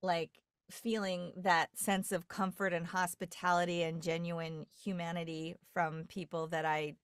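In a casual podcast conversation, a New York woman who works as a dialect coach rambles through stories, full of fillers and restarts. Her low-leaning voice is clear and resonant. The recording is dry and studio quality.

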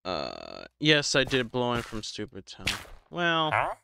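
A man live-streaming a game, chatting casually with viewers in a slow, drowsy, rambling way because he is tired. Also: medium pitch, huge pitch swings, creaky, noisy background. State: tired, medicated.

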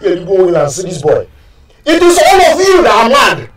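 An actor with a Nigerian accent playing an indignant, scheming young boyfriend in a Nollywood film. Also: male voice, high-pitched, huge pitch swings, a little fast, faint music behind. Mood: angry. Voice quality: emphatic, rambling and accusing. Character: bitter scheming young man, loud and indignant. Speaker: jilted boyfriend. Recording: echoey room, voice from far off.

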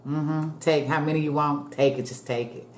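Woman in her 50s doing a food vlog, chatty, keeps saying y'all, real low voice. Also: fairly even intonation, moderate pace. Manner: chatty, calls the viewers "y'all", prays aloud. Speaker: food vlogger. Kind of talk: casual eating chat to viewers. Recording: echoey room.

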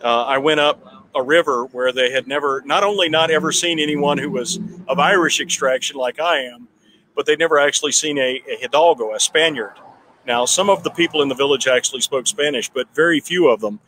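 At a town hall, a political candidate tells a long personal story, rambling, restarting, and chuckling now and then. His voice is medium-pitched, brisk, bright, and forceful, with a little hiss or hum in the recording.

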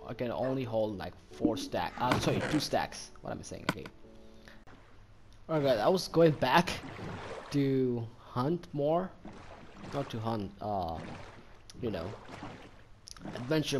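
A man giving casual, excitable commentary while playing a game, easily delighted and chatting to the animals he meets. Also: medium pitch. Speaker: gaming channel host. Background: background music.

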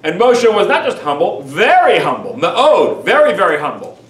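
Rabbi lecturer, male, high voice, emphatic and animated; echoey, distant recording. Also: moderate pace. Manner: animated, emphatic, rhetorical questions. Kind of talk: lecture on Jewish teachings. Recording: echoey room, far from mic.

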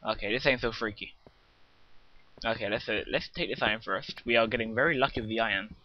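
A British let's play gamer speaks briskly in a lowish voice, rambling casually about his game, chatting with viewers, and making self-deprecating jokes. The recording is dry yet slightly muffled, with faint hiss.

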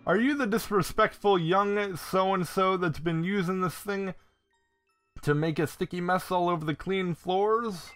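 A man's voice: a little high, sing-song, measured pace, pushed and bright, faint music behind, voice pushed up, exaggerated voice. A man voicing a bossy, fussy older woman housekeeper who scolds in prim, folksy phrases. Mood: scolding.

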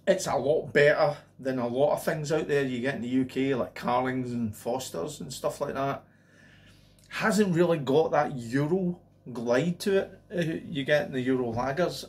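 A man's voice: medium pitch, moderate pace. A man casually reviewing a cheap lager, rambling on with jokey asides and running gags. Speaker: beer reviewer. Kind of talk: casual beer review vlog.

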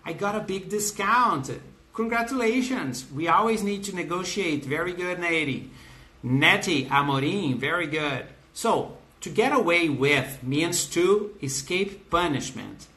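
A man's voice: sits high, animated, unhurried, bright, forceful tone. A man teaching a live online English class, encouraging and repeating phrases as he greets viewers by name.

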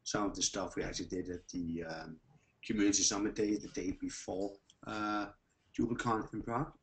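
A man with a somewhat low voice speaks casually at a board meeting, joking a little and stumbling over repeated words. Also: fairly even intonation, normal speed, creaky.

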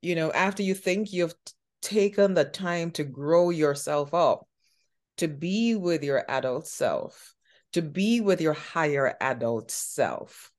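A woman hosting an interview, talking in a slow, thoughtful way with drawn-out phrasing. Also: sits low, lively intonation, a little mellow. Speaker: podcast host. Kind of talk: reflective conversational interview.

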